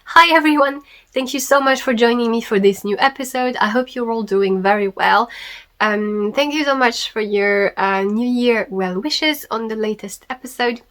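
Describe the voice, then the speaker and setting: A woman's voice: a little high, normal speed, a bit bright. A young woman hosting a knitting podcast, talking casually, her voice nasal and stuffy from a head cold, chatty with frequent ums and small laughs. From France. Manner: chatty and apologetic, laughs often, many ums. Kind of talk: casual solo podcast chat.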